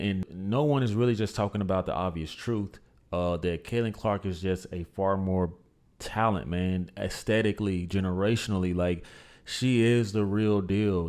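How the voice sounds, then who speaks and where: A man with a fairly low voice hosts a reaction show. He talks emphatically and opinionatedly, and keeps calling his viewers "guys." He speaks. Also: darkish tone. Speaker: commentary channel host. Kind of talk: reaction commentary.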